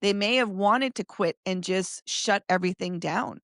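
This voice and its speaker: A woman's voice: mid-range voice, normal speed, a bit bright, no room sound. A woman guest on a podcast, a nervous system specialist, speaking in earnest, flowing explanations. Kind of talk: casual conversational interview.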